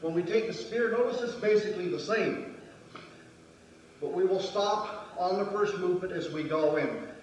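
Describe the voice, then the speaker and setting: A man's voice: high voice, normal speed, slight background noise. A male martial arts instructor explaining moves step by step during a demonstration lesson, counting out the movements. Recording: very echoey room from far off.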